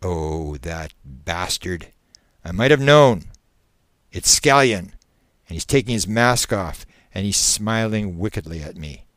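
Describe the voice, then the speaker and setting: A man voicing a terrified man under regression hypnosis, a former preacher, with shrill panicked outbursts. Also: animated, unhurried, a bit bright, no room sound, clean studio sound. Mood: wry relief.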